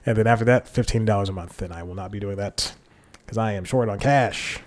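A lower-voiced man hosts a solo podcast from a home setup, speaking into a desk microphone with headphones on. He rambles in a loose, casual way, keeps correcting himself and chuckles at his own asides. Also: fairly quick. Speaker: podcast host. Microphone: headphones and desk mic.

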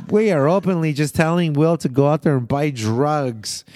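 A man casually recapping a sitcom episode, animated and profane, often laughing and acting out quotes. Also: a little high, moderate pace, heavy background noise. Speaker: podcast host recapping a sitcom.

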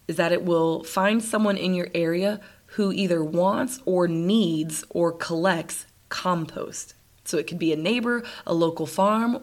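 A woman hosting a casual solo podcast, chatty and upbeat, who laughs often and sounds nasal and congested from stuffed sinuses. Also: fairly low pitch. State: congested, sniffling. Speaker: podcast host.

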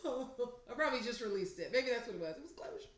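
A woman co-hosting a casual chat, telling stories in an animated way with big swings between loud and soft and frequent laughs. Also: fairly high pitch, rapid-fire. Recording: echoey room.

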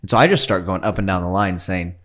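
A man's voice: sits low, quick pace, a bit bright. A man co-hosting a casual podcast, telling a story in a rambling, laid-back way. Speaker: podcast co-host.

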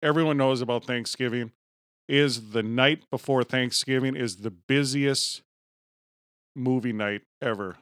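A man's voice: medium pitch, measured pace, fairly bright tone, dry recording, studio quality. Man with a mock-grandiose announcer delivery. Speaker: podcast co-host. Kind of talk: comedic podcast banter.

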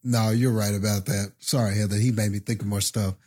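A man's voice: lowish voice, fairly even intonation, fairly quick, warm tone. A man co-hosting a podcast, talking with enthusiasm about a film and leaning on fillers like "like" and "you know". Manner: enthusiastic, filler-heavy, chuckling. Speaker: podcast co-host. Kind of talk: casual movie review chat.

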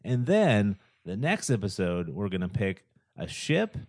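Easygoing male podcast co-host, lowish voice, dry close sound. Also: sing-song, a little slow, a little mellow, no room sound. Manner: easygoing, laughs often. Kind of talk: casual chat.

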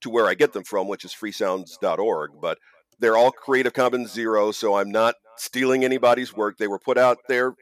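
A man's voice: on the low side, moderate pace. A man hosting a podcast in casual chat, rambling and joking at himself, with frequent restarts. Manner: rambling, self-deprecating, many restarts. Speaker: podcast host and audio producer.

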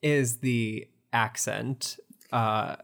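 A man from the United States co-hosting a theatre podcast, chatting in an animated, storytelling way. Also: mid-range voice, drawn-out words, creaky. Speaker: podcast co-host. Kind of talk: casual chat.

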